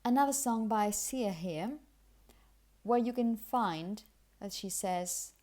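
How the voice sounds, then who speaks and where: A woman's voice: medium pitch, slow, mellow. A Spanish-accented woman, a native Spanish speaker, teaching English pronunciation with careful explanations and repeated example words. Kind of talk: pronunciation lesson.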